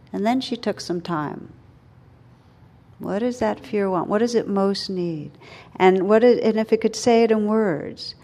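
A middle-aged woman, a meditation teacher, giving a gentle, unhurried dharma talk and softening her voice on tender words. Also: mid-range voice.

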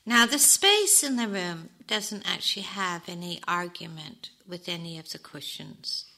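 A woman meditation teacher giving a gentle, reflective dharma talk, with soft whispered asides. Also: lowish voice, animated, a little slow, poor audio.

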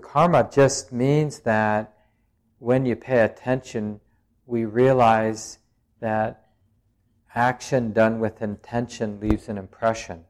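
A man, a meditation teacher, giving a dharma talk in reflective, searching phrases with frequent pauses and touches of gentle humour. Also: lowish voice. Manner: plain-spoken and gently humorous.

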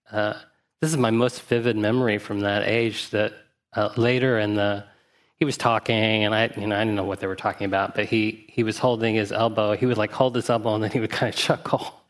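Male meditation teacher, lowish voice, dharma talk: reflective, anecdotal, gently humorous. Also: steady tone. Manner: reflective, unhurried asides with 'uh' and 'you know'.

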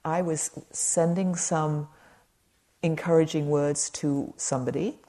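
A woman meditation teacher giving a gentle, conversational dharma talk at a retreat, speaking to a live audience with light humor. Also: deep voice, steady tone, takes it slowly.

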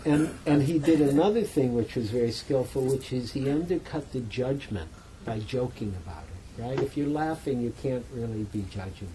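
A man gives a dharma talk to a retreat audience in a meditation center hall. He tells stories in a loose, chatty way and pokes fun at himself. His voice sits at an ordinary middle pitch, with a faint hiss of noise behind it. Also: normal speed. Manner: relaxed, chatty storytelling with self-mocking humor. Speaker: meditation teacher.

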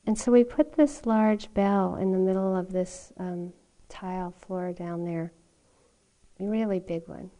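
A middle-aged woman meditation teacher giving a dharma talk, telling a personal story in a loose, conversational way with many "you know"s and soft laughs. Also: medium pitch, a little slow. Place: meditation retreat hall.

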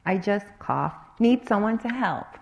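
A woman's voice: mid-range voice, normal speed, mellow, lightly acted. A woman doing a brave little coughing parrot. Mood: defiant. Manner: coughing, defiant. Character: brave, tiny, stubborn female parrot.

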